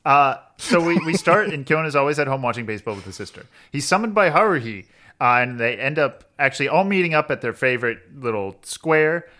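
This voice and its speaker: A man co-hosting a casual podcast, rambling through a plot summary with lots of fillers and quick laughs. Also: medium pitch, lively intonation, sharp tone. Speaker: podcast co-host.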